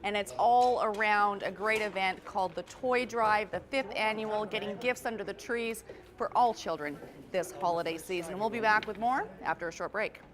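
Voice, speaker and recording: A woman's voice: mid-range voice, normal speed, crowd noise. A woman hosting a local lifestyle TV show on location, upbeat and chatty. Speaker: TV host.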